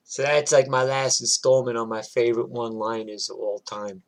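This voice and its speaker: A man telling a story in a casual, animated, chatty way. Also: medium pitch, normal speed, hardly any pauses.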